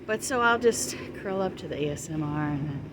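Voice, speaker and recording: A woman's voice: sits low, expressive, a little fast. A woman out of breath, chatting casually as she films herself on a walk outdoors. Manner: chatty, rambling, self-encouraging. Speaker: vlogger. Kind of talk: casual walking vlog. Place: outdoors on a walk near traffic. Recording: loud outdoor noise with passing vehicles.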